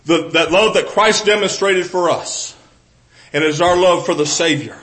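In a high voice at normal speed, a Southern US preacher addresses his congregation with earnest conviction. He keeps restarting phrases, moving between forceful, loud emphasis and gentle, intimate asides, and the audio quality is poor.

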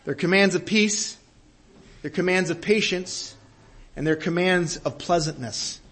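A man's voice: high voice, unhurried, a bit bright. A man preaching a sermon in an earnest way, repeating his phrases and building to emphatic peaks.

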